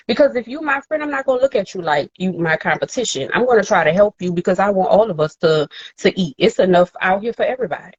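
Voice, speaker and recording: Woman, podcast co-host, candid storytelling, slangy and profane, animated quoting, dry dull audio. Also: fast talker, hardly any pauses, breathy edge, dry recording. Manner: animated, acts out quotes in a higher voice; casual slang, swears freely.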